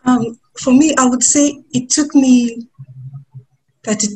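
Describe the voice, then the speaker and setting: A woman's voice: sits high, fairly even intonation, takes it slowly, a little mellow, slight background noise, low-quality recording. A woman in her thirties from Nigeria with a Nigerian accent, a guest on a webinar panel who tells her story expressively with laughs, speaking over a video call. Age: 30s.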